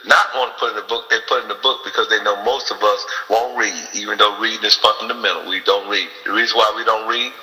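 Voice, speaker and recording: Male host, AAVE, bright cutting voice, preachy rhetorical questions, reverby room. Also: on the low side, fairly even intonation, quick pace, few pauses, faint music behind. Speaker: podcast host. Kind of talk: casual political talk.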